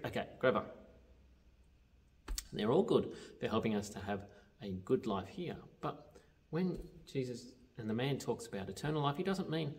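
Lively man presenting to kids. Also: medium pitch, normal speed, pauses often. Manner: friendly, talks directly to children. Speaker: children's church presenter. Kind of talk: children's video presenting.

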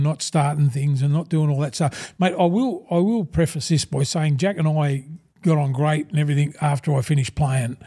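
An older Australian man spins long, rambling yarns in a mellow, dark-toned voice pitched a little above the usual for a man. He keeps throwing in "mate" and slips into the voices of the people in his stories. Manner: rambling, calls the host 'mate' constantly, acts out old conversations. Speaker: guest, former rugby league front rower. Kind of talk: casual storytelling interview.

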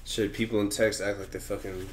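A man with a lowish voice talks a little fast over slight background noise as he co-hosts a casual podcast. His storytelling is profane and animated, with plenty of swearing and acted-out quotes.

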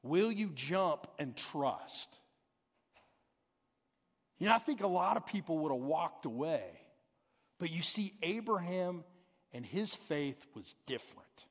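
A man's voice: on the high side, very animated, moderate pace. A pastor preaching a sermon in a conversational, explanatory way, paraphrasing scripture as he goes. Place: large church sanctuary. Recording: long hall reverb.

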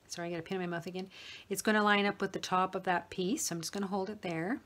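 A middle-aged woman explaining a sewing project step by step in a relaxed manner, talking while she works with her hands. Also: medium pitch, fast. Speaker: sewing tutor. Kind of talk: step-by-step craft tutorial.

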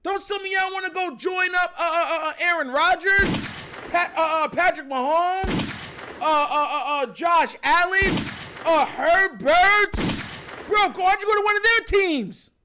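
A man hosting a sports show, ranting in animated, filler-heavy commentary about his team. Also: very high voice, measured pace, a little hiss or hum. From Jamaican family.

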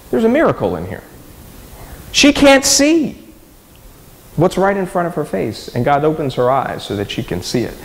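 The sound has a long, lingering reverb. A man preaches in a church sanctuary, his voice medium in pitch, talking to the congregation conversationally and repeatedly posing rhetorical questions.

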